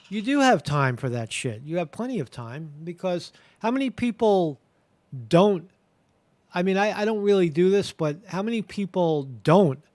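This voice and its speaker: A man's voice: high voice, darkish tone, no echo. A man hosting a live show, talking in a rambling casual monologue that repeats words and swears now and then.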